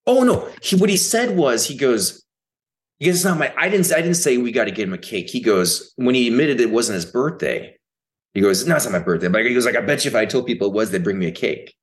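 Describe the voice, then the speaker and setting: A man who is an actor, a guest on a podcast, telling stories in a loose, profane, animated way. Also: medium pitch, fast. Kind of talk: casual interview chat.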